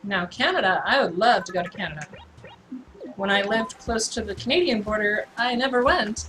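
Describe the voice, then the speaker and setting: A woman's voice: mid-range voice, background noise. Giggly, rambling young woman streamer. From California. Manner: rambling, giggly, swears casually. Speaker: livestreamer. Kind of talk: casual gaming stream chat. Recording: game music playing under voice. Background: game music.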